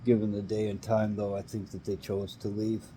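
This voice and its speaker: Low, mellow-voiced man ranting angrily. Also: flat delivery, normal speed, breathy edge. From Canada. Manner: angry, emphatic, swearing. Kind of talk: ranting monologue.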